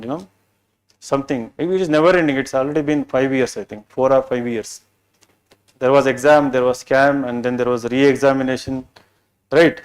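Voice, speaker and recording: Chatty Indian English coaching teacher. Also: male voice, mid-range voice, darkish tone, clean tone, poor audio. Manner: chatty, digressive, peppered with "right?" and "you know". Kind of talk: orientation lecture.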